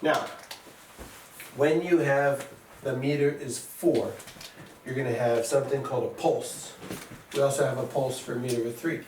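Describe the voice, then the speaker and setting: A man's voice: mid-range voice, steady tone, normal speed, long pauses, a little mellow. A man teaching a music lesson, patiently counting beats aloud and sounding out rhythms for his students. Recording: echoey room, voice from a distance, faint noise.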